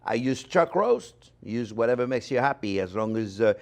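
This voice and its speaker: Enthusiastic French-accented cooking host. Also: male voice, mid-range voice, expressive, normal speed, vocal fry, darkish tone. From France. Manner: chatty, enthusiastic, lots of fillers and restarts. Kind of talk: casual cooking demonstration. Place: home kitchen.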